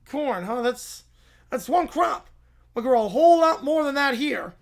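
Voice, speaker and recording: A man plays a patient old country farmer with a folksy drawl. He takes his time over every word, and his voice has a gravelly rasp. He calls the younger man son. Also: very high-pitched, animated, measured pace, heavily acted.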